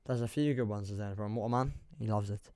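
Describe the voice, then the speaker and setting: Speaking quickly in a warm, smooth, lowish voice, a young English-accented man rambles through a football livestream. He reads the chat out loud, laughs often, and is self-deprecating. The sound is studio quality and free of echo.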